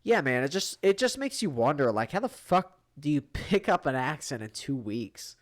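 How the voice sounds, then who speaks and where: A man's voice: fairly high pitch, big pitch swings, moderate pace. A man co-hosting a casual podcast chat, telling stories with lots of swearing and laughter. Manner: profane, laughing storyteller who mimics others. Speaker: podcast co-host.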